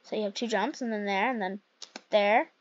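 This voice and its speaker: A woman's voice: medium pitch, normal speed, muffled recording. A woman hosting casual game commentary at home, chatty and rambling as she plays. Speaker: gaming channel host.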